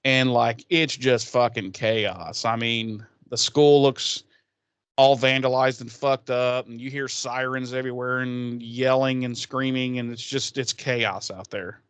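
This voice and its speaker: A man's voice: mid-range voice, fairly even intonation, measured pace, a bit bright, clean tone, no echo. A man hosting a podcast, recapping a TV episode in a rambling, profane, casual way with laughing asides.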